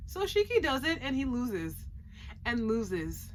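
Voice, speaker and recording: A woman's voice: on the high side, sing-song, slow pace, slight background noise. A young woman casually reviewing an anime episode at home, slangy and sarcastic with giggly asides. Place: home room with plushies.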